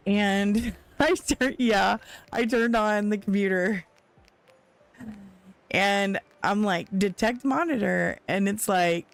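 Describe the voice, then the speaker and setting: A woman streamer chatting casually with her viewers while gaming, retelling a story in an animated way with frequent laughs. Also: medium pitch, takes it slowly, pauses often, soft background music.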